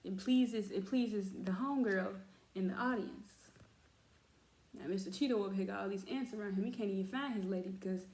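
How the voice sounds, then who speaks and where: A woman's voice: medium pitch, fairly quick, a little mellow, roomy sound. A woman giving a casual oracle card reading, talking chattily and calling her viewers y'all. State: has cramps. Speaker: tarot reader.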